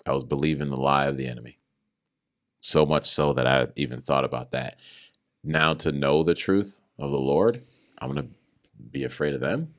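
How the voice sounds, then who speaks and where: A man with a remarkably deep, low voice shares a personal testimony in conversation. He speaks earnestly about his faith and brings the story to life by acting out what other people said. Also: moderate pace. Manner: animated, acts out other people's words in raised voices. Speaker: podcast guest.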